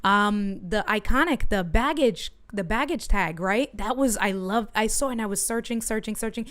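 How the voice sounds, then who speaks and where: A woman's voice: mid-range voice, moderate pace. Chatty woman streamer telling a story. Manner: animated storytelling, talks to chat. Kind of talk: casual livestream chat. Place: home studio.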